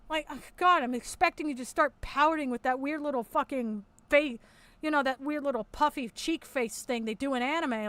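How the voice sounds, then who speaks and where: A woman streamer giving crude, mocking commentary on a video and bursting into loud laughter. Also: high-pitched, normal speed, dry recording. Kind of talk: casual commentary.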